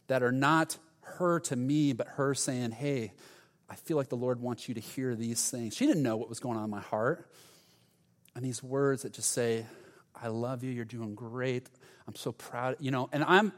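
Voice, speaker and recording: A middle-aged pastor preaching in a church, his voice sitting at an ordinary pitch. He tells stories with swings from hushed tones to loud, passionate bursts. A long reverb from the hall trails behind his words. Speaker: lead pastor. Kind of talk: sermon.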